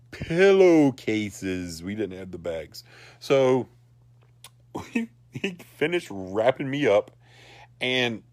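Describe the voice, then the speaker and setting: A man, animated and rambling as he tells a personal story to a group. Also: lowish voice, no room sound. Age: 40s. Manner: rambling, animated, laughs through his lines.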